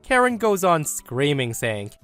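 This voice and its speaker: A man narrating a dramatic retail story, expressive and exasperated. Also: on the high side, a little slow, soft background music.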